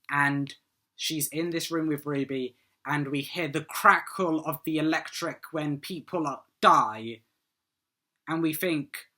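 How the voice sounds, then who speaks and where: Bright-voiced man rambling through a review. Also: a little high. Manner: rambling, full of "um" and "like", eager. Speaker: TV episode reviewer. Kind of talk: casual solo review monologue.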